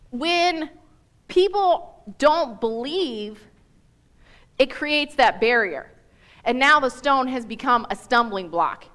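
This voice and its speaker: A woman giving a church Bible teaching as guest speaker, talking emphatically in a chatty way that often breaks off mid-thought. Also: a little high. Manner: animated, emphatic, chatty with self-interruptions.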